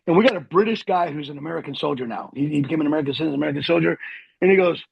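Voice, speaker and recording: An army veteran in his fifties tells stories quickly and with slangy energy. His voice is high for a man and a bit husky. The recording is dry, dull and lo-fi. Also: dry recording. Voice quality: animated, slangy, says "dude". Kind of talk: casual storytelling.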